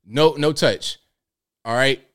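A man at a desk mic hosting a live stream, his pitch sitting in an ordinary middle range. He jokes around in loose, slangy talk, calling out to his viewers as he clicks through clips. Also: slow, clean tone. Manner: joking, animated, talks to viewers, slangy. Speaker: show host. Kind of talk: casual live-stream commentary.

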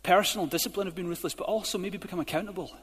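A man preaching a sermon as a pastor, speaking emphatically and building to forceful urging. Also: high voice, steady tone, racing, slightly rough. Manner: emphatic, rising to forceful exhortation. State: out of breath. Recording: hall reverb.

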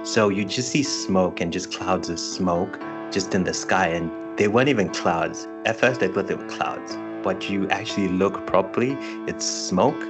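A man's voice: low voice, normal speed, hardly any pauses, music in the background. A man co-hosting a casual podcast chat, laid-back and laughing often. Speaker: podcast co-host.

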